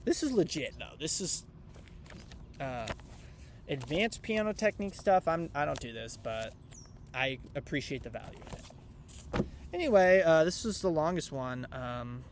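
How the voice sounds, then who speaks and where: A man's voice: a little high, expressive, a little slow, long pauses, slight background noise. Rambling young man talking casually outdoors. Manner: rambling, loose and irreverent, lots of fillers. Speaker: vlogger reviewing piano books.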